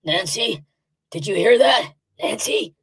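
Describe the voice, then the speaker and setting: A woman's voice: medium pitch, lively intonation, slow, heavy background noise. An actor voicing a frightened older man alone in his house, calling out anxiously. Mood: alarmed.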